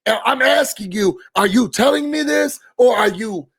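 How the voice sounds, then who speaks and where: A man hosting a reality TV recap, ranting in an animated, sassy, blunt way. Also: very high voice, moderate pace, vocal fry, slightly rough.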